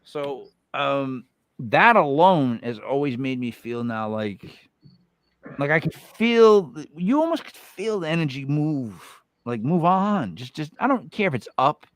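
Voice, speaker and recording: A man's voice: a little high, very animated, unhurried, dry recording, rough recording. An American man hosting a podcast, chatting casually in a blunt, joking way and swearing freely. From United States. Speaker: podcast host.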